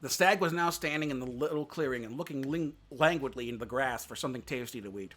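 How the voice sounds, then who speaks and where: A man's voice: mid-range voice, quick pace, fairly bright tone, faint music behind. A man reading a classic children's story aloud on a live stream, narrating expressively. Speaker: VTuber reader.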